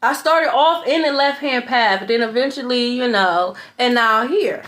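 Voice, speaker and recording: A woman's voice: a little high, unhurried, fairly bright tone. A woman giving a spiritual tarot reading in a blunt, preachy way. She swears, laughs in scorn and keeps asking "okay?". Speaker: tarot reader.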